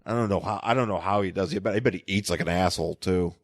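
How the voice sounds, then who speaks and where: A man's voice: sits low, fast talker, no room sound, clean studio sound. A man co-hosting a casual comic book podcast, joking and trailing off mid-sentence. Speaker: podcast co-host.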